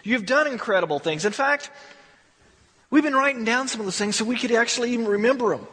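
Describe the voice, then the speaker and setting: A man's voice: very high voice, lively intonation, quick pace, sharp tone, husky, big-room sound, heavily acted. A man voicing an eager adult male disciple who pleads earnestly with his teacher and stumbles over his own words. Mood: pleading.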